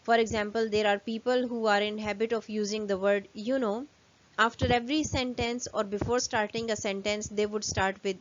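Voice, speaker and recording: Woman, lecturer, fast speech, lots of fillers, slightly muffled audio. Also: mid-range voice, steady tone. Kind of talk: recorded lecture.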